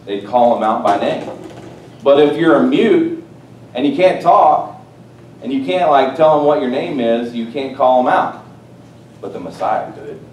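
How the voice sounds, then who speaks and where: A man preaching a sermon, swinging between loud, excited exclamations and hushed, quiet asides. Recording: roomy, distant mic with faint rumble.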